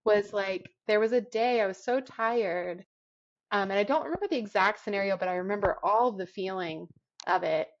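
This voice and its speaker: A woman guest on a podcast telling a personal story in a reflective, halting way, with many fillers and restarts. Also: medium pitch, highs cut off. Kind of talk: casual conversational storytelling.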